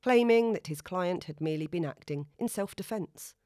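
A woman reading a story aloud in a steady, even narration. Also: on the low side, normal speed, no echo, clean studio sound.

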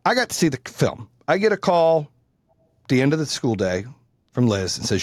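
A middle-aged man telling a long story in a casual, animated, profane way. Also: medium pitch, quick pace, no room sound, studio quality. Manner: profane, animated, acts out the people in his story.

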